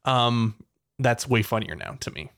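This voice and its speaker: A man's voice: mid-range voice, animated, a little slow, vocal fry, a bit bright. A man co-hosting a podcast, chatting playfully and laughing often. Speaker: podcast co-host. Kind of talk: casual chat.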